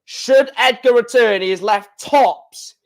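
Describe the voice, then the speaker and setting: An excitable man commentating live on a stream, shouting and repeating himself at big moments. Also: extremely high pitch, slow.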